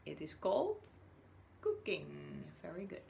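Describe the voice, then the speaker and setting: Slow, gravelly woman teacher. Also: on the low side, wildly swooping pitch, mellow, slight background noise. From Chile. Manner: patient, drawn-out words, whispers or acts out words as examples. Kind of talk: slow, clear teaching to young children.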